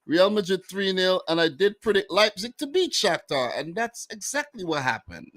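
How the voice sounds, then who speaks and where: A young man with a New York accent chats about football in a relaxed, slangy way. His voice sits a little high. He sounds close and dry, and he often says things twice. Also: moderate pace, no echo. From United States. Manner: laid-back, slangy, repeats himself. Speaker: football podcast host. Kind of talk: casual chat.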